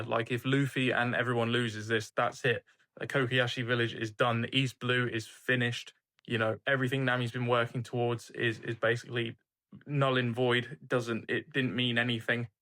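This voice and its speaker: Young man, anime reaction host, casual recap, earnest and emphatic, bright tense voice. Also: medium pitch. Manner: earnest, emphatic, swears casually, many fillers.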